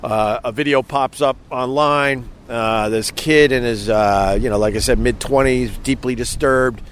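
A middle-aged man rambles through viewer comments on a livestream from a beach at sunset, chuckling often and swearing freely. His pitch sits in an ordinary middle range. Faint wind and outdoor noise hang behind his voice. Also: fairly even intonation, measured pace. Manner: rambling, chuckling, loose and profane. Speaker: livestream host. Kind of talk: casual chat reading viewer comments.

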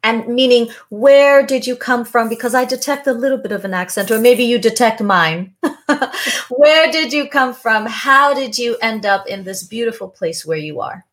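A woman hosting a podcast, reading a measured intro and then interviewing a guest. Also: fairly high pitch, fairly bright tone. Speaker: podcast host.

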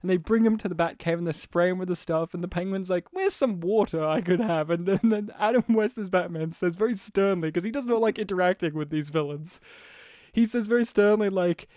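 A man in casual chat, talking fast and animatedly, laughing often and swearing casually. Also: high-pitched, darkish tone, no echo, studio quality. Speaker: podcast co-host discussing a film.

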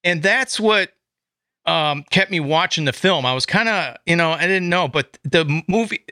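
A man chatting excitedly about a horror movie, swearing often and acting out his own reactions. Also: fairly high pitch, normal speed, dry recording, studio quality. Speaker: podcast co-host. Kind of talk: casual movie discussion.

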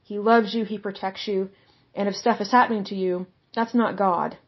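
A woman's voice: medium pitch, steady tone, normal speed, dull audio. A woman teaching from the Bible in a casual, conversational way, blunt and outspoken.

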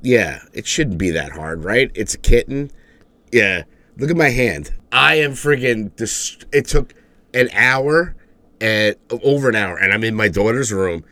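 Male co-host, lower voice, animated and rambling, casual and profane. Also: unhurried, no echo. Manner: rambling storyteller, swears and laughs often. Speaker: podcast co-host. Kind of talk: casual chat.

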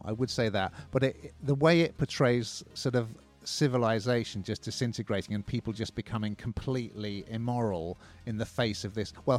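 A man reviewing films in a casual chat, with frequent restarts and a conversational manner. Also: medium pitch. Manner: chatty, hesitant restarts, conversational. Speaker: film reviewer.

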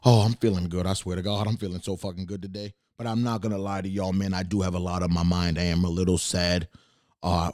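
A man hosting a casual solo podcast from his bedroom, energetic and swearing constantly. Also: deep voice, no echo, clean studio sound. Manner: energetic, swears a lot, jumps between hype and mock sadness. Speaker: podcast host.

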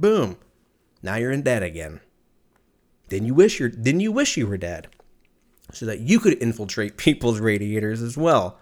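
Male podcast host, lower register, loose profane storytelling rant, laughs a lot, spikes up high for punchlines. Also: normal speed. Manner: rambling, profane, laughs often; animated, jumps pitch when excited. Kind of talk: casual solo rant.

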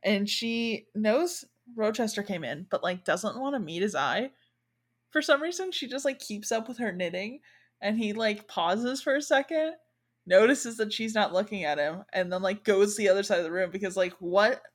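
A woman hosting a book podcast, retelling scenes in a chatty, animated way. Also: medium pitch, normal speed. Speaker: podcast host. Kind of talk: casual chat.

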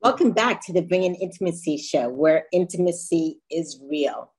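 A woman's voice: fairly low pitch, lively intonation, normal speed, darkish tone, slightly rough, faint music behind, low-quality recording. A woman hosting a talk show, speaking reflectively and sometimes searching for words. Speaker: host. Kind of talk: casual podcast talk.

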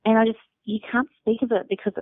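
A woman's voice: on the high side, steady tone, fast. Candid New Zealand woman on a phone-like line. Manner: candid, swears freely. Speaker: guest. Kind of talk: emotional personal story. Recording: dry phone-like sound.

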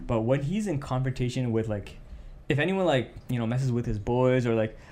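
A young man from Canada, co-hosting a podcast, tells a story in casual chat and acts out the quotes. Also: normal speed. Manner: animated, acts out quotes with raised pitch. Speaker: podcast co-host.

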